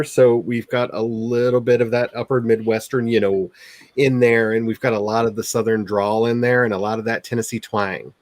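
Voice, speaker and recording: A man's voice: medium pitch, no room sound. A man from the Ozarks who is an author, hosting a writing stream in a casual, rambling chat. He talks in a neutral voice that is not his natural one and laughs often.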